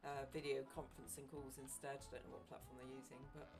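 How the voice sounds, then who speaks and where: A woman's voice: rumbling low, little pitch movement, quick pace. A woman chatting casually with a gaming host, hesitant and searching for words. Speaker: family member chatting with host. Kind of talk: casual chat. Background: video game music.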